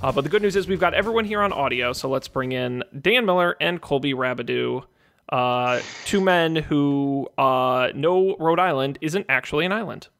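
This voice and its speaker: A man hosting a casual tech podcast, talking quickly and joking with his co-hosts. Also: a little high, a bit bright, soft background music. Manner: quick, joking, plugs the show. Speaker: podcast host.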